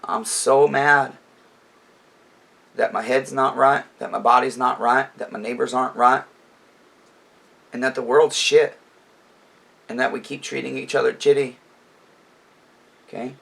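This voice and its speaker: Gravelly man ranting in a raw, emotional vlog. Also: medium pitch, steady tone, unhurried, pauses often, fairly bright tone. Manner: raw, rambling, addresses viewers as neighbors. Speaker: YouTuber reacting to a song. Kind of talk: emotional song reaction commentary.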